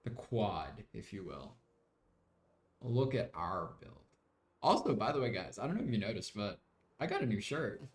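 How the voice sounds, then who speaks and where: A man's voice: fairly low pitch, sing-song, moderate pace, reverberant. A young man streaming a game, chatting in a rambling way and slipping into mock British slang. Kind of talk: casual live-stream chat while gaming.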